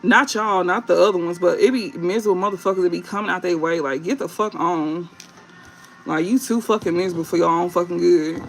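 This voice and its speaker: A man hosting a late-night livestream as a tarot reader, talking bluntly and profanely with drawn-out fillers and repeated phrases. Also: high-pitched, vocal fry, faint music behind.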